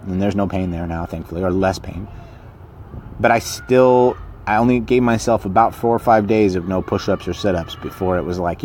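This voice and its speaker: A man's voice: deep voice, darkish tone, slight background noise. A man hosting a podcast, talking bluntly and casually about motivation, often repeating and restarting his phrases. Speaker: podcast host.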